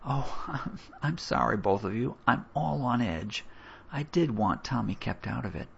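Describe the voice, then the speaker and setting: A man voicing an anxious, protective mother who speaks in sharp whispers. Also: medium pitch, expressive, measured pace, creaky, breathy edge, dull audio, exaggerated voice. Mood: tense. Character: boy's mother, protective and tense woman.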